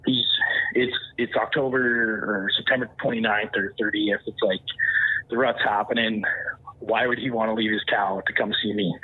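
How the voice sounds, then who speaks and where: A man, a podcast guest, casually telling a hunting story in an animated way, re-enacting what people said. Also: fairly low pitch, moderate pace, slightly rough. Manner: animated, re-enacts dialogue and moose calls. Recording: tinny phone-like line.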